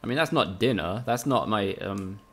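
A man's voice: lowish voice, expressive, normal speed, fairly bright tone, breathy edge. A man casually commentating a live game stream, chatting with viewers, swearing often and joking sarcastically. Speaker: gaming streamer.

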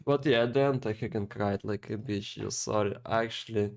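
A man giving casual reaction commentary on an animated video, excitable and emotional, repeating words in halting, non-native phrasing as he talks to his viewers. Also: fairly low pitch, gravelly. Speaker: anime reaction video host.

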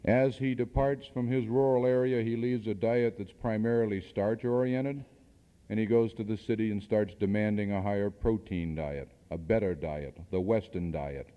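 A man with a fairly low, fairly even voice speaks at normal speed to a seminar audience, driving his points home with rhetorical questions and occasional dry asides. The recording is from worn cassette tape, muffled and lo-fi, with long hall reverb trailing off the walls.

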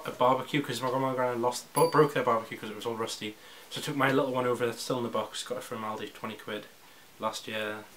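A man's voice: medium pitch, a bit bright, slight background noise. A teenage boy chatting casually on his home vlog, rambling and restarting with jokey asides. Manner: rambling, self-interrupting, jokey. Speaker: vlogger. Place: indoors at home.

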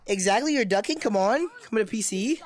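A woman's voice: mid-range voice, lively intonation, brisk. A young woman trash-talking other players in game voice chat, repeating taunting, mock-tough insults. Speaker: gameplay streamer.

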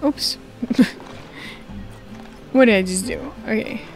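A woman's voice: mid-range voice, slow pace, gravelly, soft background music. A young woman giving casual, joking commentary to herself while she plays a game. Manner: chatty, joking, talks to herself. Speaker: gaming video creator.

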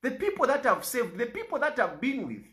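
A man's voice: very high-pitched, huge pitch swings, brisk, a bit bright. A Zambian man, an opposition politician, making an impassioned public statement in an aggrieved, pleading way and repeating lines for emphasis.

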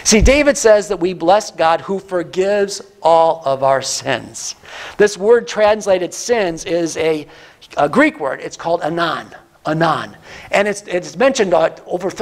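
Male pastor, higher-pitched voice, earnest teaching sermon that repeats points for emphasis. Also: lively intonation, unhurried. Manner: repeats key lines for emphasis, asks the listeners questions.

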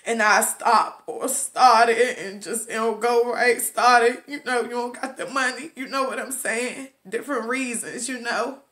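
A woman hosting her own podcast, talking in an emotional, nervous, excitable way and calling listeners baby and boo. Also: on the high side, unhurried, few pauses. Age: adult with children. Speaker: podcast host. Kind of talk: casual motivational talk. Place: Maryland, USA.

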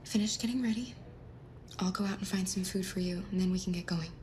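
An actress voicing a gentle, protective female android in a video game, speaking softly and reassuringly. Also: mid-range voice, steady tone, fast, a little hiss or hum, close to an everyday voice.

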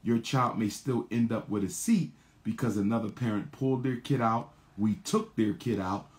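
A man's voice: on the low side, moderate pace. A man hosting a show, reading viewer questions aloud and answering them emphatically, often repeating his key lines word for word.

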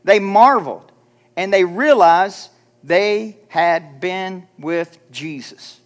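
A man's voice: high voice, slow pace. A pastor preaching a church sermon, urging his listeners with emphatic rhetorical questions and acting out quoted people in mock voices.

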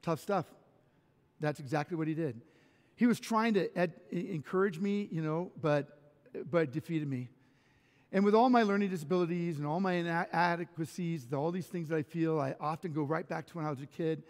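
High-voiced man preaching in an echoey church. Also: normal speed. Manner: animated storytelling with self-deprecating humor and many restarts. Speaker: pastor. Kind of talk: sermon. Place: church sanctuary.

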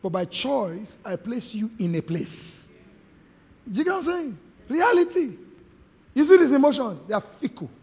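A middle-aged man with a Nigerian accent, preaching an animated, joking sermon to a live congregation. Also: extremely high pitch, normal speed, slightly rough. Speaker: pastor. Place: large hall with live congregation. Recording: long hall reverb.

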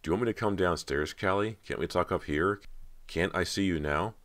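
A man's voice: sits low, brisk, fairly bright tone, pitched above the performer's own voice. A man doing an anxious teenage girl. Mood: pleading.

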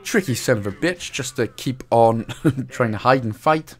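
A man's voice: medium pitch, unhurried. A man with a Welsh accent giving a casual, jokey game walkthrough, swearing now and then. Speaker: gaming guide host.

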